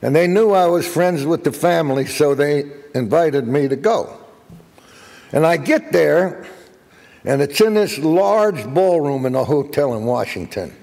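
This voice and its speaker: An older man giving a guest speech, telling jokey anecdotes as an animated raconteur. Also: fairly high pitch, unhurried, gravelly, in a large hall. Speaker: guest speaker.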